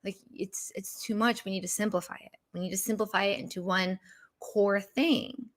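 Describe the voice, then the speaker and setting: Bright-voiced woman telling a personal story. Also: medium pitch, normal speed. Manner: animated, acts out her own past dialogue with shifts in tone. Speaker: business coach and podcast host.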